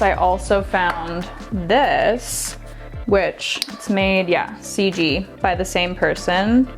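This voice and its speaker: A woman's voice: mid-range voice, gravelly. A young woman chatting casually and enthusiastically as she shows off her thrift finds, trailing off and restarting now and then. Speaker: vlogger showing thrift finds. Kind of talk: casual show-and-tell chat. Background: faint background music.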